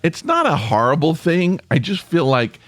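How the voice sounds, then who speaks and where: A man's voice: a little high, huge pitch swings, normal speed, dry recording. A man hosting his own podcast from a small home studio, talking in a rambling, self-deprecating way with lots of restarts. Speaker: podcast host. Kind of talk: rambling solo podcast chat.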